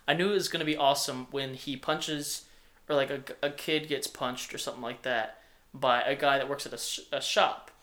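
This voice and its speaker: A man's voice: medium pitch, fairly even intonation, brisk, fairly bright tone. A young man hosts a casual movie podcast. He rambles along with plenty of ums and restarts. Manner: rambling, many fillers and restarts. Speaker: podcast host.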